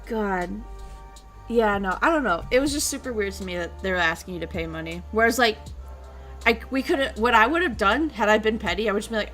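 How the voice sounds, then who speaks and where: A woman chatting on a stream in a loose, rambling way, giggling often and swearing without a second thought. Her pitch sits in an ordinary middle range. Soft music plays faintly underneath her talk. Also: expressive, a little fast. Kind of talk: casual chat.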